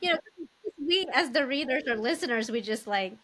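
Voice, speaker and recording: A woman's voice: sits high, animated, normal speed, a bit bright. A woman co-hosting a casual podcast interview, chatty and giggly, with lots of "like" and "you know". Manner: giggly, chatty, filler-heavy. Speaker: podcast co-host.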